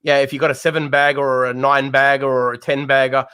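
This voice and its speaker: A man's voice: medium pitch, little pitch movement, fast talker, pushed and bright, clean tone. A man co-hosting a live trading show, explaining trading ideas and speaking directly to viewers. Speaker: co-host and trading mentor. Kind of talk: live market analysis chat.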